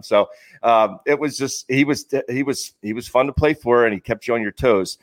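A man's voice: medium pitch, fairly quick. A middle-aged man, a podcast guest, chatting casually and reminiscing with frequent laughter. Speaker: guest, former ballplayer. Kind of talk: casual sports podcast chat.

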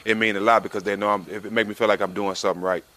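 A man's voice: lowish voice, little pitch movement, racing, bright, forceful tone. A man speaking earnestly in a casual podcast chat, often restarting and repeating himself. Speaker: co-host and older mentor figure.

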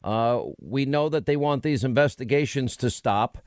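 A man hosting a political talk radio show, talking in an emphatic, rhetorical way with quick restarts. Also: medium pitch, no echo, clean studio sound.

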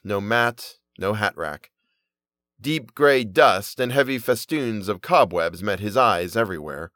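A man reading a Victorian short story aloud as storyteller, in steady, measured narration. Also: fairly low pitch, dry recording, clean studio sound.

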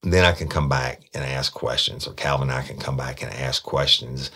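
A man's voice: extremely low pitch, normal speed, pushed and bright, breathy edge. A middle-aged man, telling a case story bluntly and profanely, with frequent stammered restarts. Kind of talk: casual spoken storytelling podcast.

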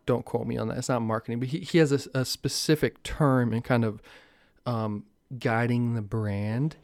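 A young man from New Jersey hosting a cannabis news show, talking loosely and excitably with a lot of profanity. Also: mid-range voice, clean tone, no echo, studio quality. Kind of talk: casual news commentary.

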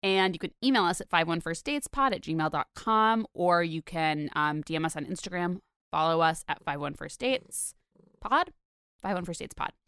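A woman's voice: fairly low pitch, expressive, normal speed, fairly bright tone, smooth, no room sound, clean studio sound. A young adult woman hosting a casual podcast, chatty and rambling with lots of fillers. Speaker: podcast host.

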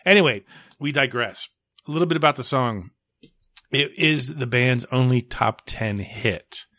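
A man's voice: mid-range voice, expressive, unhurried, fairly bright tone, no echo. A man co-hosting a podcast, chatting casually and enthusiastically about music with rambling asides. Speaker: podcast co-host.

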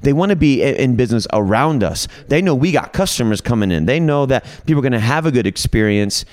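A middle-aged man telling a long, humorous story in casual group talk, acting out his own lines and others' with lively quotes. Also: medium pitch, fast talker, dry recording. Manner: humorous, coins playful words. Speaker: podcast guest.

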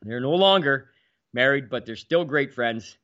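An animated man of about sixty hosts a laid-back sports talk show, telling hockey stories and often repeating words. His mid-pitched voice comes through an unhurried delivery, and the recording sounds a bit dull and lo-fi.

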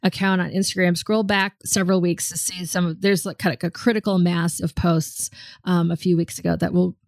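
Gravelly-voiced woman, thoughtful chat. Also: on the low side, little pitch movement, fairly quick, a little mellow, dry recording, clean studio sound. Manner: thoughtful, frequent ums and restarts. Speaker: podcast co-host. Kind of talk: casual conversational chat.

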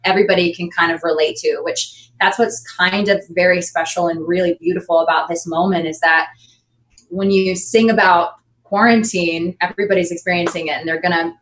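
A woman's voice: on the low side, fairly even intonation, brisk, fairly bright tone, low-quality recording. A woman guest in a casual interview, enthusiastic and talking in long run-on sentences. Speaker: guest, Las Vegas performer.

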